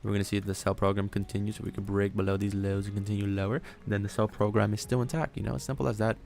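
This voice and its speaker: A man's voice: lowish voice, level tone, racing, creaky, darkish tone, soft background music. A man hosting a live trading stream, chatting casually, rambling, joking and thinking aloud as he goes. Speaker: livestream trading host.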